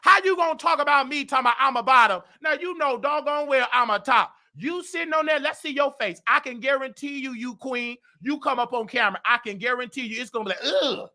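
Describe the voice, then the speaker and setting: Brash high-voiced Southern man. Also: quick pace, few pauses. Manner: brash, animated, trash-talking. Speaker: show host. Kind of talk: loud gossip commentary.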